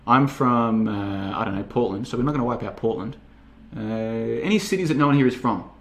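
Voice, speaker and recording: A man's voice: mid-range voice, a little fast, fairly bright tone, lightly acted. A man voicing a breezy, overly casual American president in a comedic retelling, chummy and glib.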